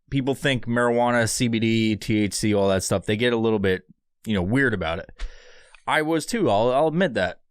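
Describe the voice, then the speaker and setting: A man with a mid-range voice hosts a solo podcast from a studio, and the recording has no echo. His sponsor read is rambling, profane, and sarcastic.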